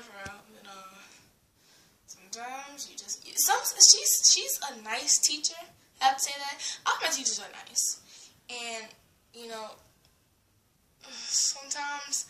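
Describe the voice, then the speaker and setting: Teen girl vlogging, bright high voice, tons of likes and ums, kinda echoey room. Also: expressive, normal speed. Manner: rambling, filler-heavy, giggly, drops to whispers. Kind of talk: casual vlog rant.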